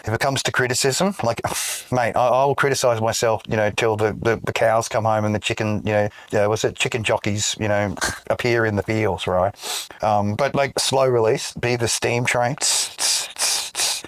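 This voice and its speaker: A lowish, dry-sounding man who rambles through an animated, profane riff. He talks casually, swearing freely and building each idea up loosely. The sound is close and dry, with no room around it. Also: normal speed, no room sound. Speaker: podcast co-host. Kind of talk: casual chat.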